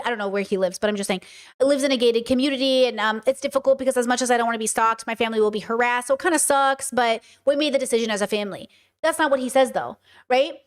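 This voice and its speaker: A woman from Southern California hosting her podcast, delivering blunt, fast commentary that slips into swearing rants. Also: on the high side. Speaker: podcast host. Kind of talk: casual commentary.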